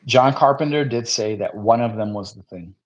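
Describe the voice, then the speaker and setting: A man co-hosting a casual podcast who thinks aloud hesitantly and often trails off softly. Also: mid-range voice, normal speed, highs cut off. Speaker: podcast co-host.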